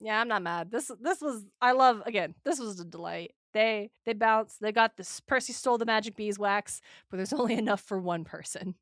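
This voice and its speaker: Woman podcaster chatting, lively, keeps acting out quotes, dry mic. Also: medium pitch, moderate pace, few pauses, dry recording. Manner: animated, acts out quotes, frequent restarts. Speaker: podcast host. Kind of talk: casual chat.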